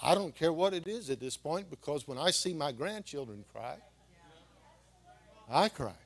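An older man preaching a live sermon in a church, swinging from hushed, emotional storytelling to impassioned shouting. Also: on the high side, animated, normal speed. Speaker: pastor. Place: church sanctuary with congregation.

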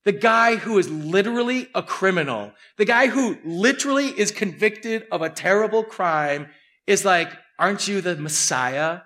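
Animated male pastor, high voice, vivid storytelling sermon. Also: moderate pace. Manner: animated, acting out scenes.

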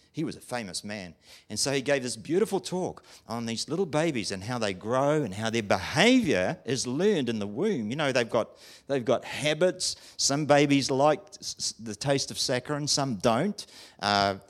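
A man preaching a sermon in an emphatic way, often asking his listeners questions. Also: mid-range voice. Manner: animated, emphatic, asks the audience questions.

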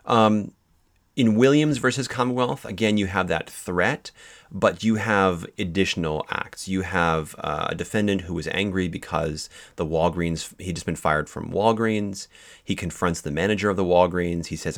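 Deep-voiced man lecturing on case law. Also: moderate pace. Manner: explanatory, frequent fillers and restarts. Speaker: legal instructor.

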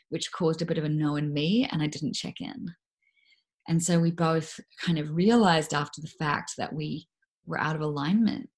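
A young woman speaks as an interview guest in a low voice. She talks frankly and reflectively, circling back on her words with fillers and restarts. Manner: frank, reflective, many fillers and self-corrections. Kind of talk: candid conversational interview.

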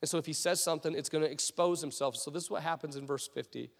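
A male pastor with a high voice delivers a sermon in a loose, conversational way. He stumbles over and restarts phrases as he tells the story. A long reverb fills the hall around him. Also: quick pace, gravelly.

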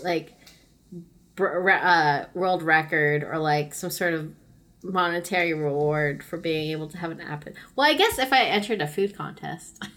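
A woman's voice: deep voice, moderate pace, fairly bright tone. A woman in casual chat, telling rambling stories and laughing often. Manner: giggly, rambling storyteller.

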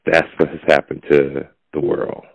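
A man's voice: level tone, normal speed, slight background noise. A man hosting a podcast, giving a blunt, preachy opinion monologue in casual talk. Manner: blunt, preachy, gravelly and low. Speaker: podcast host. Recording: dull lo-fi audio.

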